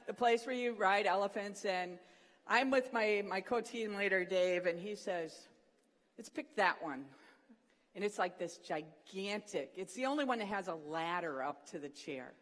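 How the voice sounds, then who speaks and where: At a morning session of a Christian student program, a speaker tells a funny story during a devotional talk, animatedly acting out the quotes. The voice is mid-range and measured, with a big-room sound.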